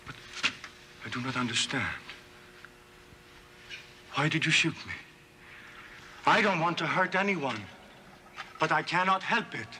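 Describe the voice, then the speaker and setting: An anguished, halting creature. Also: male voice, a little high, animated, bright, forceful tone, a little hiss or hum, full character voice. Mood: pleading. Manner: halting, slow, plaintive. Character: tormented male creature, childlike, articulate, pleading. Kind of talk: 1970s TV horror drama.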